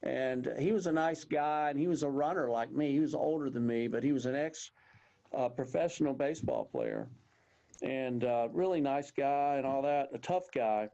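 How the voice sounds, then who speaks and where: A man, telling his personal story as an interview guest in an earnest, halting way with many restarts. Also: medium pitch, animated, creaky, mellow. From Texas. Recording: dull lo-fi audio.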